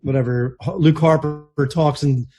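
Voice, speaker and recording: A man's voice: on the high side, fairly even intonation, normal speed, dark tone, faint music behind. A man co-hosting a podcast, rambling through casual wrestling chat with plenty of "like" fillers. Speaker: podcast co-host.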